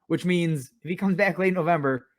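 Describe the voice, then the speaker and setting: A man's voice: a little high, fairly quick. Upbeat man hosting a sports chat. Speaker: podcast host. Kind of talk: casual fantasy football chat.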